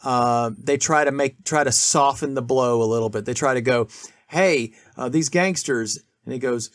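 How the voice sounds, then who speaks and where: A man's voice: mid-range voice, level tone, brisk, no echo, studio quality. A man co-hosting a casual film discussion podcast, rambling with many restarts and fillers. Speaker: podcast co-host.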